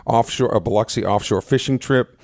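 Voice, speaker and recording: Man, radio co-host, easygoing, quick to react, studio mic. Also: mid-range voice, a little mellow. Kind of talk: casual radio chat.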